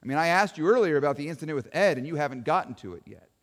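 A man's voice: a little high, lively intonation, very fast, big-room sound, close to an everyday voice. A man voicing a female interviewer who asks probing questions.

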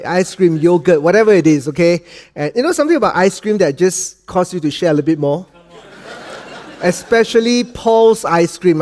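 A man's voice: high-pitched, a little mellow. A man with a Malaysian accent, a guest pastor opening his sermon in a chatty, joking way, often adding "okay?". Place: church auditorium. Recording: long hall reverb.

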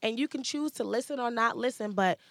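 A woman co-hosting a casual podcast, her voice pitched a little high and sounding dry and close to the mic. She is animated and playful, and at times drops into a hushed, confiding aside. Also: fairly quick, no room sound. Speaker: podcast co-host.

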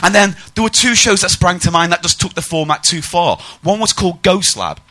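Male stand-up, animated and mocking, bright and pushy. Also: high voice, fairly quick. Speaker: stand-up comedian. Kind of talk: live stand-up comedy set.

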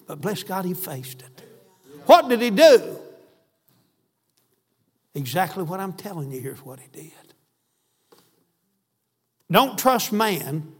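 A man's voice: high voice, expressive, measured pace, long pauses, husky. A man preaching a sermon, fervent and emphatic, repeating phrases for stress. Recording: echoey hall.

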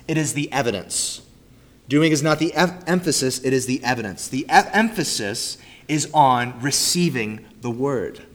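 Male pastor, mid-pitched voice, sermon delivery, punchy emphasis with hushed, falling endings. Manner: emphatic, swings from loud stresses to soft, low trailing endings. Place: church sanctuary.

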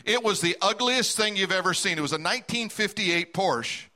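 Middle-aged guy preaching, bright forceful voice, chatty storytelling with lots of questions to the room. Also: high-pitched, moderate pace. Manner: storytelling, asks the congregation direct questions. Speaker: pastor. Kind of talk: sermon.

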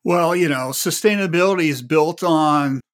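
Panel guest, male, higher-pitched, explains patiently through rhetorical questions. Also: moderate pace. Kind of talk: podcast panel discussion.

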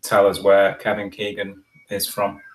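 A man co-hosting a podcast, chatting casually and telling a story with animated asides. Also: lowish voice, unhurried, a little hiss or hum. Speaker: podcast co-host. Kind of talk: casual chat.

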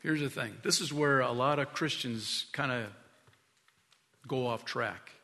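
A man preaching a sermon as pastor, telling stories with emphasis, dropping to a hush and rising to loud calls. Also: mid-range voice, a little slow, in a large hall. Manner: emphatic storytelling preacher, swinging from hushed to loud. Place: church sanctuary. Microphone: stage mic.

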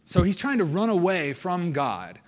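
Animated man preaching a conversational sermon. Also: high-pitched, normal speed. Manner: conversational, animated, reads scripture then comments.

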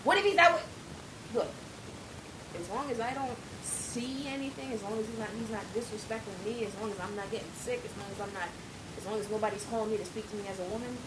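A woman's voice: a little high, fast. A woman in casual chat who talks bluntly and profanely and laughs often. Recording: roomy, distant mic, noisy.

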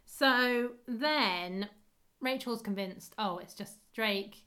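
A woman's voice: fairly high pitch, takes it slowly, bright, forceful tone. A woman co-hosting a podcast, chatting casually with hesitant restarts. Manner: chatty, hesitant, laughing often. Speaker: podcast co-host. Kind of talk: casual chat recapping a sitcom.

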